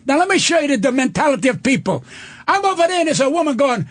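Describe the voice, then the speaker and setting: An older man, a comedian guest in a radio studio, ranting loudly and profanely and acting out the people in his stories. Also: extremely high pitch, very animated. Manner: loud, profane, rapid-fire storytelling with acted-out quotes. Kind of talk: angry radio rant and storytelling.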